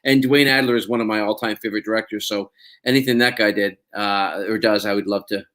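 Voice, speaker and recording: A man's voice: on the low side, steady tone, fast, a bit bright. A man, an actor being interviewed, chatting casually and telling stories with frequent laughs. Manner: chatty storyteller, laughs often.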